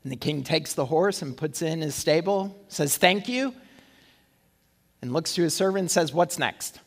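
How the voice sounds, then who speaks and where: High-voiced preacher in an echoing hall. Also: male voice, brisk. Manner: conversational and animated, with rhetorical questions. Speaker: pastor. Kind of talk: sermon. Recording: long hall reverb.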